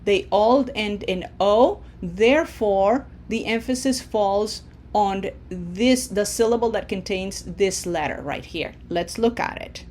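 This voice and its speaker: A woman gives a language lesson at an unhurried pace. She says each word slowly and clearly so the learner can repeat it, and a faint noise sits under her voice. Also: mid-range voice, darkish tone. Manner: slow, deliberate, drills words for the learner to repeat. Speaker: Spanish teacher.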